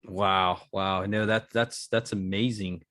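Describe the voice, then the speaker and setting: A man's voice: low-pitched, fairly even intonation, slow, fairly bright tone, no room sound, clean studio sound. A man hosting a podcast, affirming his guest, laughing along and leaning on fillers like "you know what I mean". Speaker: podcast host. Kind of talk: casual interview chat.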